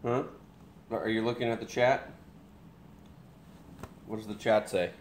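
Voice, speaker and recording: A man's voice: lowish voice, level tone, a little slow, a little hiss or hum. A young man, a dad, joking casually with a live stream chat while talking to his baby.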